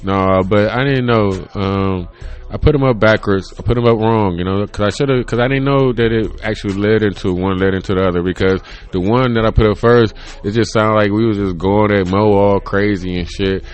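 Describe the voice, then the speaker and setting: A man's voice: fairly low pitch, steady tone, fairly quick, clean tone. A man in his thirties hosting his own podcast, rambling casually, laughing often and swearing freely. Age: 30s. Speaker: podcast host. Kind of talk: casual solo chat. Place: home room.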